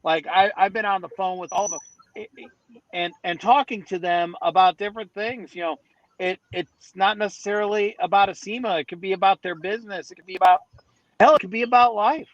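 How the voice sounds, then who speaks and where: A man with a high voice tells a story in a loose, rambling way, stumbling into restarts as he goes. The sound is muffled and lo-fi, and he is outdoors near a city street. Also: fairly quick. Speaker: podcast guest. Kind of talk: casual storytelling.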